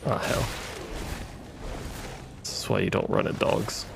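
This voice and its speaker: A man's voice: a little slow, noisy background. A man giving casual, wry commentary as he plays a game, muttering and swearing at enemies. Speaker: gaming streamer.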